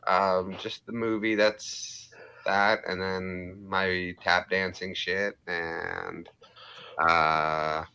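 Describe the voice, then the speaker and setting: A man's voice: low voice, flat delivery, extremely slow, creaky, pushed and bright, clean tone, muffled recording. A man hosting a live chat, joking and rambling with frequent fillers. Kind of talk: casual chat.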